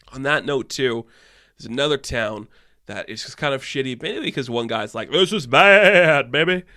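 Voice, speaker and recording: A young podcast host rants casually, swearing and sounding exasperated, recorded on a close mic. His voice is a little high, bright, and forceful, with no echo.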